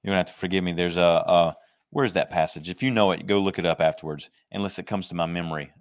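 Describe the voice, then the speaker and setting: A man preaching a sermon, emphatic and conversational, slowing down to stress scripture verses and joking with his listeners. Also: sits low, fairly even intonation. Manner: jokes and laughs with the congregation.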